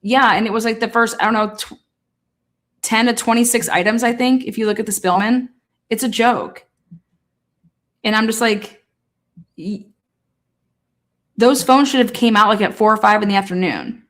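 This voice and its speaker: A woman talking through a case in a casual livestream, rapid, heated and full of swearing. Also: fairly high pitch, a bit bright. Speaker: true-crime commentator.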